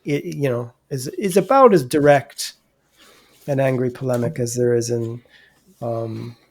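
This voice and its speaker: Guy guesting on a podcast, gravelly voice, stops and starts a lot, thinking as he goes. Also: mid-range voice. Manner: halting, thoughtful, many fillers. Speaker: guest, Joyce performer. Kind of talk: casual interview chat.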